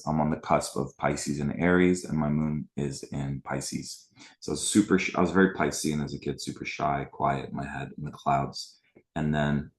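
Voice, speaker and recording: A man in his forties from the Middle East, hosting a spiritual retreat and casually sharing his life story with a live online group, greeting attendees by name. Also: very deep voice.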